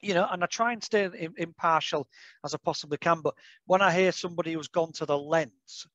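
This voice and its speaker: A man hosting a casual interview, enthusiastic and full of quick affirmations. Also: on the high side, fairly bright tone, dry recording, dull audio. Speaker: podcast host.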